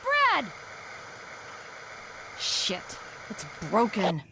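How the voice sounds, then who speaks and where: A woman's voice: a little high, huge pitch swings, extremely slow, exaggerated voice. An actress playing a female team member answering tense radio calls, with hiss in the background.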